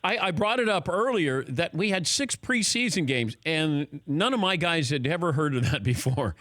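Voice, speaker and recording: A playful male sports radio host with a lively, swinging pitch. He jokes with his crew close to a studio mic, the sound dry and clean. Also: moderate pace, no room sound. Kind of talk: casual sports talk radio. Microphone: studio microphone.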